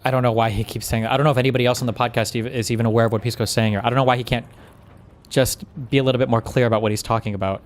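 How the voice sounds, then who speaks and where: A man's voice: medium pitch, fairly even intonation, very fast. A man commentating on a podcast clip, blunt and exasperated, sighing often. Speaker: streamer reacting to a podcast. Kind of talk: reaction commentary.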